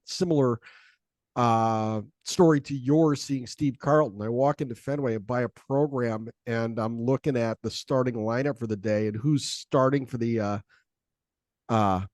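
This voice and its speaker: A man of middle pitch speaks as an interview host, friendly and eager in a relaxed chat. His voice comes through dry, with no room sound, as on a video call. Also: no room sound. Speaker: interview host, chapter member.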